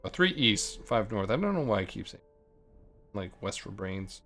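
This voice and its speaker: Excitable man commenting on gameplay. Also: on the low side, normal speed. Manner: swears freely, bursts into loud excitement. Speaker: gameplay streamer. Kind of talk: casual let's play commentary. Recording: faint music behind.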